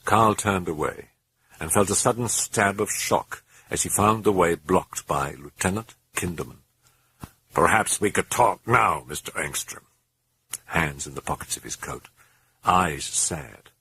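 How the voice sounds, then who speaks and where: A man giving a grave, measured dramatic audiobook narration. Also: low voice, bright, forceful tone, breathy edge.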